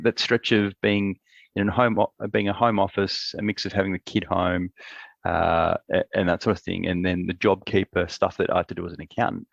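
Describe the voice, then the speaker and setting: A man, co-hosting a casual podcast chat in a relaxed, rambling way with frequent restarts. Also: fairly low pitch, vocal fry, no echo, muffled recording. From Australia. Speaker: podcast co-host.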